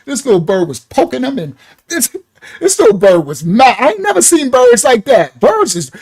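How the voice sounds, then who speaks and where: A man's voice: very high voice, huge pitch swings, moderate pace, breathy edge. A man preaching casually, telling a story in slangy street talk, laughing often and swinging his voice up and down.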